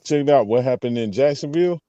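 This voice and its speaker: A man's voice: mid-range voice, fast talker, mellow, no room sound. A man in casual talk, blunt and emphatic in his points. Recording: dry, dull lo-fi sound.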